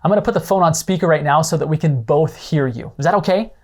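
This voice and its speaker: Give me a man playing an eager, gracious woman, voice raised in pitch and a bit soft. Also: fast talker, natural voice. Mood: warm. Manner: eager, polite. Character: excited, gracious woman awaiting an advisor.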